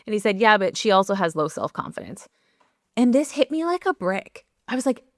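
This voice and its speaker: A woman's voice: mid-range voice, very animated, normal speed, no echo, clean studio sound. A young adult woman hosting a solo podcast, telling a personal story in a candid, chatty way with lots of "like". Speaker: podcast host and performance coach.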